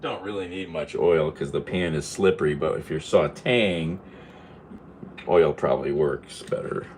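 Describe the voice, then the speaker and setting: A man's voice: very deep voice, unhurried, darkish tone, a little hiss or hum. A man chatting casually and rambling as he chops onions in his home kitchen, chuckling to himself. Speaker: vlogger. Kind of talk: casual cooking vlog.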